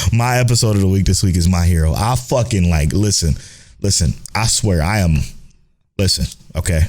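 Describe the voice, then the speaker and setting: A young man with a low voice co-hosts a casual anime podcast. He talks loosely and animatedly, swears freely and jokes about himself. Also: a little mellow. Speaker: podcast co-host.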